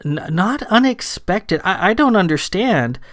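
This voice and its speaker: A man's voice: high voice, sing-song, unhurried, a bit bright, no echo, studio quality, voice pushed up, full character voice. A man reading aloud, voicing an earnest young noblewoman who is anxious and increasingly flustered, with a raised, pleading voice. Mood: distressed.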